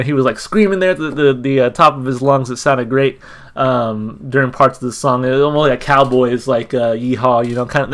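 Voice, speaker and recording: A man's voice: medium pitch, fairly bright tone. A man hosting a music reaction video, chatting casually and thinking aloud with frequent ums and restarts. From Texas. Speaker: music reaction channel host.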